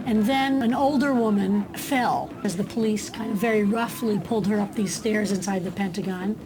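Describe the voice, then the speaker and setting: A woman's voice: mid-range voice, moderate pace, background noise. A woman telling a story in a documentary interview, vividly recalling events and quoting what others said. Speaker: interviewee, fellow activist.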